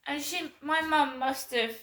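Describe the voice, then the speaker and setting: A woman's voice: sits high, a little slow, a bit bright. A woman vlogging, telling a long aggrieved story in a rambling way and checking in with "right?". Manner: rambling aggrieved retelling, keeps asking "right?". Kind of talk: casual storytelling. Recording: roomy echo.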